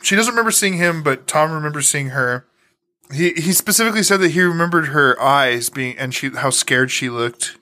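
Bright-voiced man retelling a story. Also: fairly high pitch, moderate pace. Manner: casual, swears, laughs often. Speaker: podcast co-host. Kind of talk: casual chat retelling a story.

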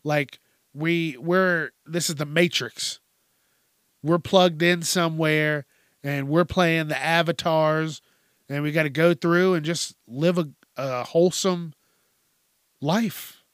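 A man's voice: a little high, fairly even intonation, slow pace, fairly bright tone, clear, resonant tone, no echo, clean studio sound. A middle-aged man hosting a podcast, talking in a blunt, profane, rambling monologue. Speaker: podcast host. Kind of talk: casual monologue.

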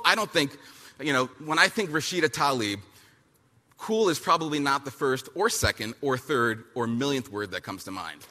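A man giving a punchy, fiery speech at a youth summit. He repeats lines for effect and mocks people with quick impressions. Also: medium pitch, expressive, pushed and bright. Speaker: speaker at a youth political summit. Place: large hall at a summit, with an audience. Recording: big hall with long reverb and a faint crowd.

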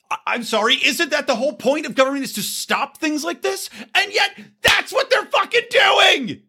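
A man's voice: sits high, a bit bright, breathy edge. A male podcast host delivering heated, indignant political commentary, full of swearing and rhetorical questions.

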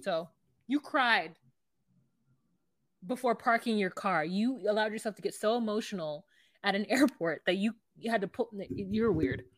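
A woman's voice: medium pitch, normal speed, no echo. Blunt sassy woman on a podcast, calls it like she sees it, dry mic. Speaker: podcast co-host. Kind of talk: casual chat.

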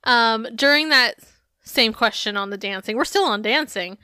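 A bright, clear woman talking into a close, dry mic. She recaps a show with sarcastic, profane humor, telling it like a story to her co-host. Her voice sits fairly high and rings crisp. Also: normal speed, dry recording. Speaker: podcast co-host. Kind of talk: casual chat recapping a TV show.

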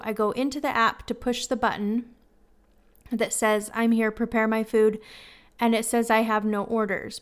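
A woman's voice: on the high side, smooth. A woman hosting a podcast, telling a candid, self-deprecating story in a casual, chatty way and giving friendly advice. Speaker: podcast host.

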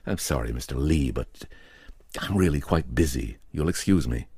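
A man voices a stubborn, ungracious writer who talks curtly and harshly. His very deep voice swings up and down in lively turns. It is recorded close and dry. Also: moderate pace, breathy edge, dry recording, exaggerated voice. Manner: curt and harsh, then flustered and apologetic. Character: irritable reclusive male writer, stubborn, ungracious.

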